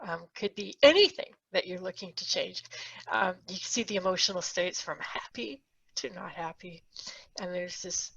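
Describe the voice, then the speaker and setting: A woman's voice: on the low side, normal speed, creaky, a bit bright, breathy edge, lo-fi sound. A woman podcast co-host talking through a diagram in casual chat. She thinks aloud with many ums and acts out quoted thoughts.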